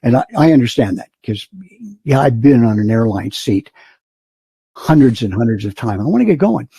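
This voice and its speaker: Lively, husky older storyteller. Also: male voice, mid-range voice, normal speed, dry recording. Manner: animated storyteller, acts out the voices of others. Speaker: guest, flight instructor. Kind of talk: storytelling in a podcast interview.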